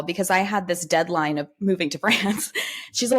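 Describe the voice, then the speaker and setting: A woman in her thirties, a podcast guest, telling a personal story in casual conversation and acting out the people she quotes. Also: normal speed. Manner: animated, acts out quoted dialogue with lifted pitch.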